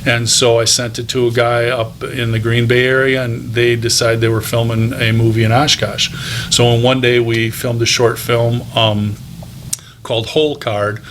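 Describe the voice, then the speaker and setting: A man's voice: medium pitch, fairly bright tone, slight background noise. A man in his fifties, a teacher turned voice actor, telling stories from his career as an interview guest in a chatty, anecdotal way. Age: 50s. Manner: chatty anecdotal telling with frequent ums and restarts. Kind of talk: casual interview storytelling.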